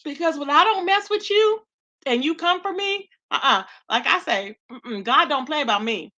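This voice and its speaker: A high-pitched woman hosts a casual live stream and gives gossip commentary, reacting to her chat with a lot of feeling. Her voice is bright and sharp, with a pointed edge. She laughs often and talks straight to her viewers. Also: normal speed, muffled recording. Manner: animated and expressive, laughs often, keeps saying "child".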